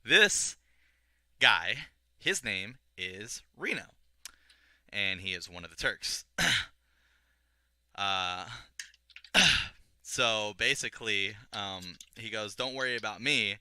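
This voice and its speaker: A man's voice: lowish voice, lively intonation, drawn-out words, pauses often, sharp tone, smooth, dry recording, studio quality. A young man casually retelling a video game story to a friend, rambling with restarts and acting out the characters' lines. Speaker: podcast co-host explaining a game story.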